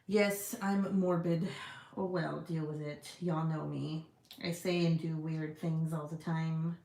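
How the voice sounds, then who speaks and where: A woman's voice: low-pitched, fairly even intonation, slow pace, vocal fry, warm tone, roomy sound. A woman hosting a casual livestream, reading viewer comments aloud in a rambling, profane, giggly way. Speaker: livestream host.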